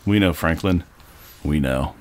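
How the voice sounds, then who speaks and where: A man's voice: rumbling low, measured pace, darkish tone. A man co-hosting a podcast, recapping a comic book with puns and wisecracks. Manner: punning, wisecracking, playful asides. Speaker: podcast co-host.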